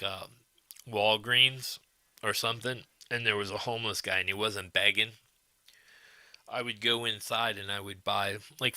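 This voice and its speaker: A man's voice: lowish voice, pushed and bright, no echo. A middle-aged man hosting a livestream, chatting casually with his viewers and rambling as he answers their comments. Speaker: livestream host.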